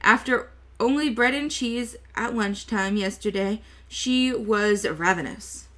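A woman reads a novel aloud to her listeners, slow and deliberate. Her voice sits a little high and sounds bright. She trips over words and goes back to correct them. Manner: slow, careful reading with small slips and self-corrections. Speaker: VTuber book reader.

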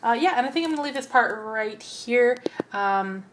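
A woman's voice: fairly high pitch, expressive, normal speed, background noise. Chatty young woman narrating gameplay. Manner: chatty, talks to her game characters. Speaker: let's play host. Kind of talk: casual gameplay commentary.

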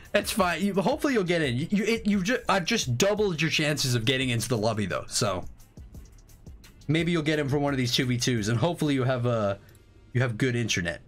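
A young man hosting a live game stream, chatting casually, excitable and swearing freely with rambling restarts. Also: mid-range voice, brisk, soft background music.

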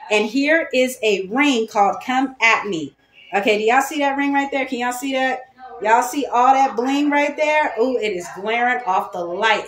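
A woman hosting a live online jewelry sale in a chatty, animated way, repeating key phrases and calling her viewers y'all. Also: fairly high pitch. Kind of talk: casual live-stream sales talk. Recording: echoey room.

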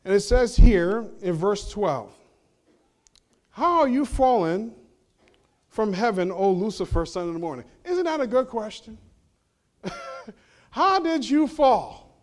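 A male pastor preaching a sermon in a church, asking the congregation rhetorical questions and swinging between loud emphasis and hushed low passages. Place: church sanctuary.

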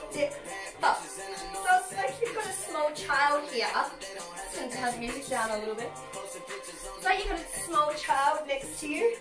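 A woman's voice: sits high, far from the mic. An Australian woman leading a comedic workout class livestream, cheeky and sassy as she coaches the moves while exercising. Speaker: fitness instructor. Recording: roomy, off-mic, music behind. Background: workout music.

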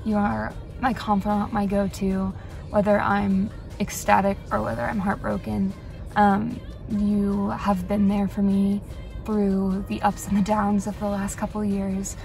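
A young woman speaks in a flat, gravelly voice with little rise and fall. She records an earnest birthday message and keeps searching for the right words. Soft music plays underneath. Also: medium pitch, a little slow. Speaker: friend sending a birthday message.

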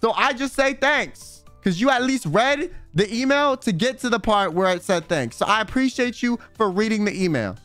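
A man's voice: high voice, big pitch swings, moderate pace, few pauses, a bit bright, no room sound, soft background music. A man streaming in a casual chat, rambling and swearing freely, full of filler words. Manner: rambling, profane, full of "like" and "you know".

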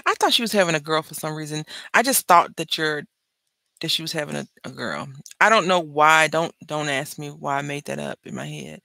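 Chatty woman with a gravelly voice. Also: deep voice, a little fast, dry recording. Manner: chatty storyteller, animated and joking. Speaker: craft video host. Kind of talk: casual chat while crafting.

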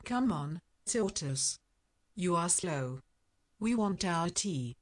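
A woman's voice: on the low side, animated, takes it slowly. A woman voicing an eager, impatient duck in a children's storybook, urging the others along.

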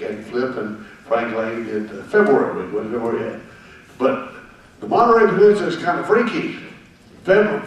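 A man telling a funny story to a live group, plain-spoken and wry, complaining about the cold for laughs. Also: medium pitch. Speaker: fellow caller speaking from the floor. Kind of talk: humorous anecdote to a live group. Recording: echoey room, voice from far off the mic, faint noise.

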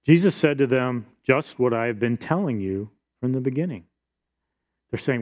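A man's voice: mid-range voice, animated, normal speed, a little mellow. Man preaching an earnest sermon. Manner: earnest expository preaching, reading scripture aloud. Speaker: pastor.

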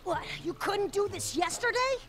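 A woman's voice: extremely high pitch, expressive, moderate pace. A woman voicing an eager young dragon boy. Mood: insistent. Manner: earnest, fussy, anxious to please. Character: young male baby dragon, eager helper. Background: cartoon music.

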